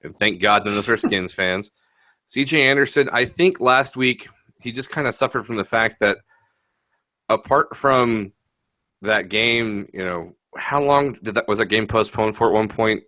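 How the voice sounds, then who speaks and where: A man's voice: on the low side, normal speed, sharp tone, no room sound. A man co-hosting a fantasy football podcast, breaking down a matchup in a laid-back way with chuckling asides. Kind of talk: casual podcast matchup analysis.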